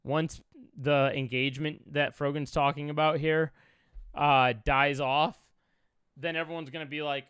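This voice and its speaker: A man's voice: fairly high pitch, flat delivery, measured pace, a bit bright, clear, resonant tone, no echo, studio quality. A young man from Chicago, a streamer reacting to clips, talking in an emotional, rambling way with many fillers.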